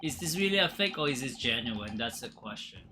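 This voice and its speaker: Over music, a woman with a bass voice reads courtroom game dialogue aloud at a fairly quick clip during her let's play stream. She keeps breaking off to joke and laugh, staying lively and playful throughout.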